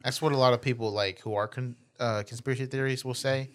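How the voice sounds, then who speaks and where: A man's voice: mid-range voice, steady tone, quick pace. A man co-hosting a podcast, talking casually and laughing easily. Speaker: podcast co-host. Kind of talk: casual chat and reading aloud.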